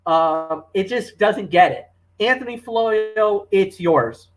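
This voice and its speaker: A man co-hosting a wrestling review show, talking casually with loud exclamations and many fillers. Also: sits high, slow. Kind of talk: excited casual podcast chat.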